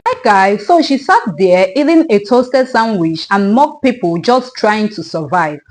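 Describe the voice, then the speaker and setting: A woman's voice: mid-range voice, animated, a little slow, a little mellow, a little hiss or hum, rough recording. A woman hosting a reaction channel, reading scripted narration.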